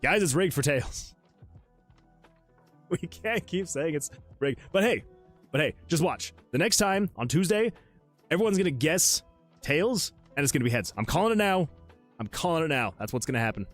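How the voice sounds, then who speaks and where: A man hosting a casual livestream, chatting excitedly with viewers, laughing often and reading chat messages aloud. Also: on the high side, normal speed, pauses often, soft background music. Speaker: livestream host and game developer.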